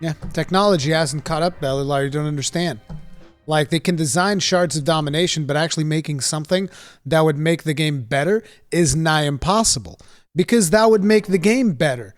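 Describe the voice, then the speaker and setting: A man's voice: fairly high pitch, brisk, faint music behind. A man giving a ranting reaction commentary, sarcastic, exasperated and full of profanity. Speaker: reaction streamer.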